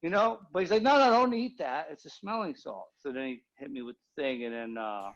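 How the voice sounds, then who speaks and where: On a video call, a man with a slightly high voice talks fairly quickly through a meandering comic tale, and the sound is dull. He's a guest comedian who repeatedly asks "you know what I mean?" to make sure he's being followed.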